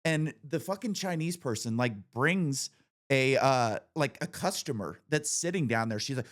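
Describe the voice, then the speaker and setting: A man's voice: medium pitch, lively intonation, moderate pace, a bit bright. A man in his forties hosting a podcast, telling stories in a blunt, profane, casual way. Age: 40s. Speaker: podcast host.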